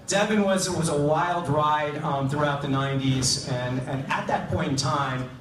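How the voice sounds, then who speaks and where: A man's voice: fairly high pitch, a little slow, a crowd in the background. Hesitant middle-aged man, roomy hall. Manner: hesitant, many ums, self-deprecating humor. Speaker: award recipient giving an acceptance speech. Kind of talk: acceptance speech with a joke. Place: large event hall. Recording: roomy hall, distant mic, faint ambience.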